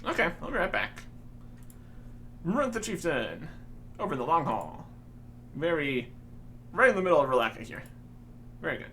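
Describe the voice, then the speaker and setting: A man's voice: on the high side, sing-song, normal speed, long pauses, pushed and bright, slight background noise. Chatty man giving wry game commentary. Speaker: gaming channel host. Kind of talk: casual gameplay commentary.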